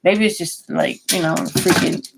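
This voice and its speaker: Low gravelly woman rambling casually. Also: fairly even intonation, a little slow, background noise. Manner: rambling, loose and chatty with many restarts. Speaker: YouTuber. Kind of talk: casual vlog chat.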